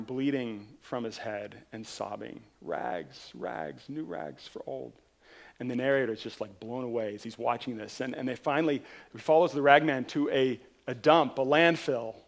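A man's voice: mid-range voice, vocal fry. A man preaching a sermon, earnestly retelling a parable as a pastor. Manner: earnest, retelling a parable with rising and falling intensity. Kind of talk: sermon storytelling.

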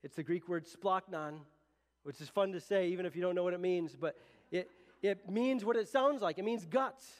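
A man's voice: high voice, normal speed. A man preaching a sermon as pastor, earnest and conversational, often restarting his sentences. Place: church sanctuary. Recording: long reverb of a church hall.

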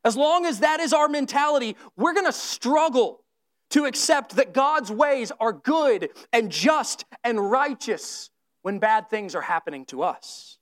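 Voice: mid-range voice, expressive, a little slow, fairly bright tone. Earnest, conversational preacher giving a sermon. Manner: conversational and earnest, with tag questions.

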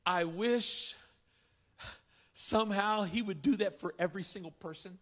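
A man's voice: sits high, measured pace, fairly bright tone. A man preaching a sermon, telling a personal story in a conversational, storytelling way. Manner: storytelling, conversational with southern "y'all". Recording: long hall reverb.

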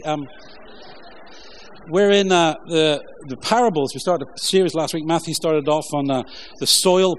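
A man preaching a relaxed, conversational sermon with jokey asides and lots of fillers, reading scripture along the way. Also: fairly high pitch. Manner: informal, halting, many fillers, jokey asides. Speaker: pastor.

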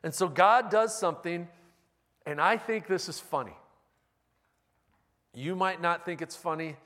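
A man's voice: high-pitched, measured pace, a bit bright. A male pastor giving a conversational sermon with wry, self-deprecating humor. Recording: long reverb of a large hall.

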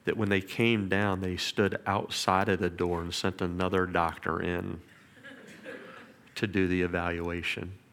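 A middle-aged man with a low, gravelly voice tells a personal testimony. He speaks earnestly and with strong emotion, and at times drops to a near whisper. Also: a little hiss or hum. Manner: earnest, emotional storytelling with quiet whispered prayers. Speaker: father giving a testimony.

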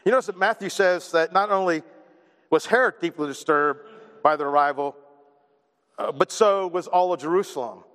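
A man's voice: a little high, moderate pace, fairly bright tone, long reverb tail. A man preaching a sermon, joking and poking fun at himself between points. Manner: joking, self-deprecating asides. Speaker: pastor.

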